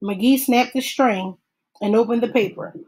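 Woman narrator, measured steady audiobook reading. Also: on the high side, husky, low-quality recording. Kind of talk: audiobook read-aloud.

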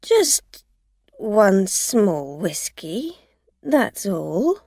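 A woman's voice: medium pitch, big pitch swings, extremely slow, a little mellow, dry recording, studio quality, heavily acted. A woman reading a storybook, voicing a tipsy, flustered woman driver who stammers and pleads.

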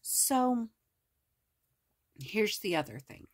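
A woman host walking through her collage journal in a casual, rambling way, hoarse with her voice cracking, full of ums and self-corrections. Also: medium pitch, sing-song, extremely slow, dry recording. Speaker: crafting video host. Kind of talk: casual crafting walkthrough.

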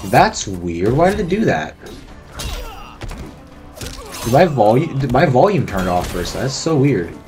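A man's voice: mid-range voice, very animated, unhurried, long pauses, a little mellow, faint music behind. A man giving casual, profane, joking commentary while playing a fighting game. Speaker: gameplay commentator.

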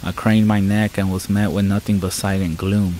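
A man narrating a first-person horror story in a measured, somber way. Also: on the low side, little pitch movement, darkish tone, slight background noise, rough recording. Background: faint rain sounds.

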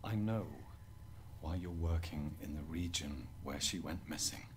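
An actor with a Hollywood-style British accent playing a measured, persuasive corporate agent in a video game, heard over noisy game audio. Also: male voice, very deep voice. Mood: calm. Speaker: game character.

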